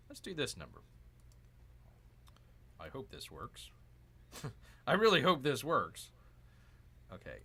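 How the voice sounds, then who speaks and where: A man's voice: lowish voice, sharp tone, slight background noise. A man hosting a gaming channel, casually talking himself through a strategy game, cheering and groaning at each move.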